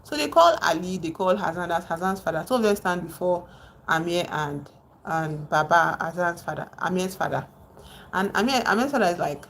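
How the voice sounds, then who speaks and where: Chatty woman, lowish voice. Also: expressive, moderate pace, a bit bright, a little hiss or hum. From Nigeria. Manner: chatty, digressive, breaks off to greet viewers. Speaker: live streamer. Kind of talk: casual retelling of a novel to a live chat.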